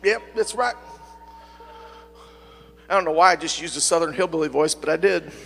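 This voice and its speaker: A middle-aged man preaching a sermon as pastor, swinging from fervent shouting to quieter, conversational talk. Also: fairly high pitch, steady tone, rapid-fire, gravelly, big-room sound, a little hiss or hum. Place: church sanctuary, at the pulpit.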